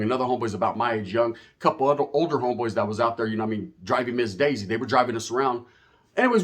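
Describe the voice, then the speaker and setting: A man talks straight to his viewers in a casual, profane rant. His pitch sits in the middle range. His delivery is emphatic and full of street slang, jumping from loud bursts to muttered asides. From US West Coast. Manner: animated, swings between loud and low. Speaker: channel host. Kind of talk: casual storytelling rant to camera.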